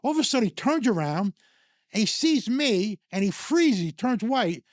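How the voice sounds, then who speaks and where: Older man rambling through stories, high voice. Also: sing-song, moderate pace, no room sound, clean studio sound. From New York area. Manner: rambling, with restarts and chuckles. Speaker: storyteller guest. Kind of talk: casual storytelling.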